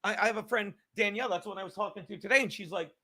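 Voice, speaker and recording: A middle-aged man tears through a profane comedic rant, voice loud and excitable, his tone bright and forceful. He sits a touch higher than most men and keeps swinging between grumbles and shouts. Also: rapid-fire. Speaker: podcast host. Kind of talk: ranting comedic monologue.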